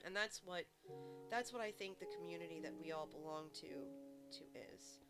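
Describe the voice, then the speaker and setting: A woman game streamer chatting casually to her viewers and telling stories in an animated way. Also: lowish voice, normal speed. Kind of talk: casual chat. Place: home streaming setup. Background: background music.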